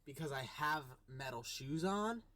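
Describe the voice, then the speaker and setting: Man, fairly high voice, casual storyteller, exasperated, acts out quotes. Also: lively intonation, a little slow, fairly bright tone. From United States. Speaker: co-host.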